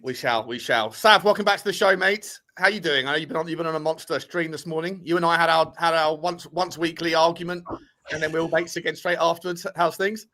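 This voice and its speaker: Bright upbeat host. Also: male voice, fairly high pitch, steady tone, quick pace. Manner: upbeat, chatty, banter-heavy. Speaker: podcast host. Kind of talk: casual podcast chat.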